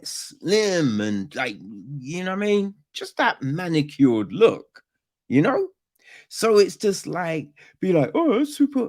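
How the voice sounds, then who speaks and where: A man hosting a podcast, ranting casually about a film in a profane, rambling way with lots of slang and restarts. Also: on the high side. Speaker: podcast host. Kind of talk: casual film review rant.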